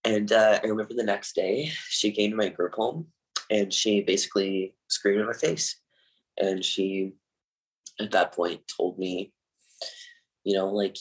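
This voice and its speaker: Young man, deep voice, halting and candid personal storytelling. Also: steady tone, rough recording. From Canada. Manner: candid, halting, many fillers, nervous laughs.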